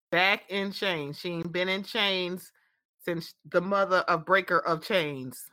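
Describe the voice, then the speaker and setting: A woman chatting casually and profanely about a TV episode, animated and full of "I'm like.". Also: on the low side, slow. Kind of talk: casual chat recapping a TV episode.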